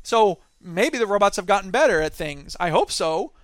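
A man's voice: sits high, lively intonation, moderate pace, a bit bright, dry recording. A man hosting a casual talk show, reading news items aloud and commenting on them with self-deprecating asides. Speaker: podcast host.

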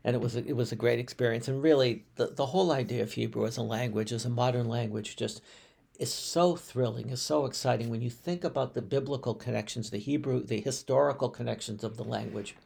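A man, a rabbi, recalls personal stories for a podcast. His mid-pitched voice has a gravelly edge. He speaks reflectively and often restarts his sentences. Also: a little mellow. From United States. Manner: reflective, unhurried, with frequent restarts and fillers.

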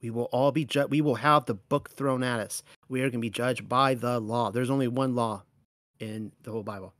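A man reading scripture aloud and commenting on it as host of a Bible teaching show, slow and measured on the verses and fast and animated in between. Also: mid-range voice, no room sound, clean studio sound.

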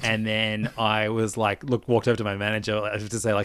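A man's voice: fairly low pitch, flat delivery, brisk, fairly bright tone, clear, resonant tone, no echo. A man with an Australian accent telling stories in casual chat, rambling with lots of fillers and restarts and swearing freely.

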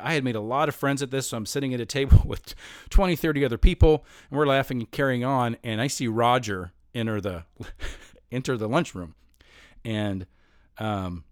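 A man's voice: medium pitch, dry recording. Dry, rambling middle-aged man telling a story. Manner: rambling, self-mocking, laughs while telling. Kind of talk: casual personal storytelling.

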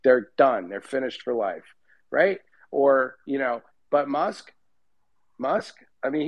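Sex: man. Role: panel guest. Style: casual discussion. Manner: rambling, emphatic, filler-heavy. Pitch: average. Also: measured pace, dry recording, highs cut off. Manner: rambling, emphatic, full of "you know" and "I mean".

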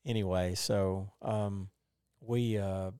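A man's voice: low-pitched, fairly even intonation, takes it slowly, dark tone, clean tone, no room sound, studio quality. A middle-aged man telling a personal story in casual conversation, rambling with many fillers and restarts. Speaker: podcast co-host.

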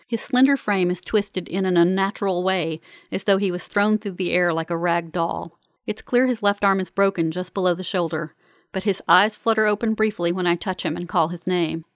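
A woman reading a first-person story aloud in a calm, measured, earnest way. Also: on the low side, no echo, studio quality. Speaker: narrator. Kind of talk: first-person audiobook narration.

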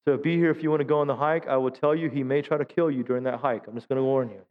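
A middle-aged man preaching a sermon as a pastor, telling humorous stories and acting out quotes in high voices. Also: fairly even intonation, rapid-fire, big-room sound, narrow, tinny audio. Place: church sanctuary.

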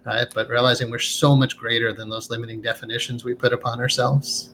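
A man in a relaxed interview, speaking earnestly and reflectively about inner growth. His voice sits at an ordinary middle pitch, with a faint hiss of noise behind him. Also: a little fast, vocal fry. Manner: earnest, reflective, often ends with "right?". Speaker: guest, hypnotherapist. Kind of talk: conversational interview.

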